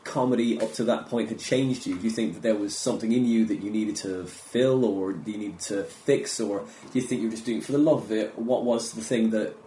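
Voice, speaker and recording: Male podcast host, mellow, soft-spoken, echoey room with faint hum. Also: fairly low pitch, a little fast, few pauses. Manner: soft-spoken, mostly brief agreement. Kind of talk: casual podcast interview.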